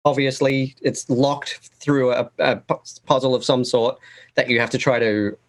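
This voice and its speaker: A man running a tabletop role-playing game, narrating the scene in slow, unhurried phrases. His voice sits at an ordinary middle pitch. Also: fairly even intonation. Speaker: dungeon master.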